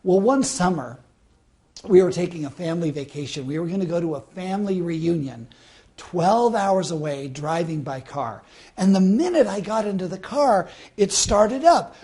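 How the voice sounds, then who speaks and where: A man's voice: high voice, animated, moderate pace, a little mellow. A man in his fifties from Southern California, giving a motivational self-help talk and telling a personal story, with rhetorical questions to the listener. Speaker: motivational speaker.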